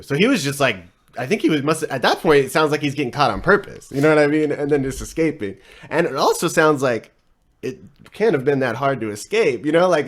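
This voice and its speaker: A man hosting a podcast, retelling a story casually in a rambling, profane way, with many fillers and frequent chuckles. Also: medium pitch. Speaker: podcast host.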